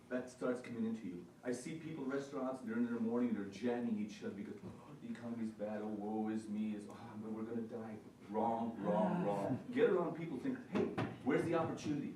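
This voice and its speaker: A man's voice: mid-range voice, dark tone, a little hiss or hum. Man giving an earnest forum speech. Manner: storytelling, earnest, repeats himself for emphasis. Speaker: small business consultant speaking at a forum. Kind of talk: motivational speech to an audience. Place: meeting hall. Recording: echoey hall, mic far off, faint ambience.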